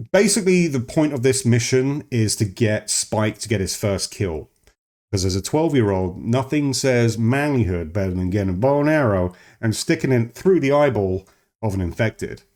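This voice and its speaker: A man's voice: on the low side, a little mellow. A man casually reviewing a film, rambling and digressing, often cutting himself off mid-sentence. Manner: rambling, digressive, self-interrupting. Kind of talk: casual chat.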